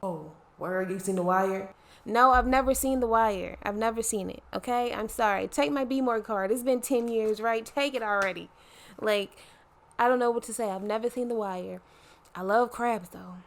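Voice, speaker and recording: A woman's voice: a little high, normal speed. A woman in her twenties from Baltimore, with a Baltimore accent and a slight Southern twang, talking to camera in a chatty, slangy, playful way. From Baltimore, Maryland. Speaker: vlogger. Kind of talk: casual chat to camera.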